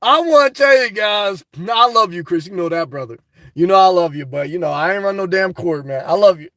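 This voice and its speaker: A man hosting a livestream from inside his car, reading out viewer comments and answering bluntly, often breaking into loud, laughing rants. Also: sits high, lively intonation, brisk, dry recording, clean studio sound. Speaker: livestream host. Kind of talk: live-stream chat reading.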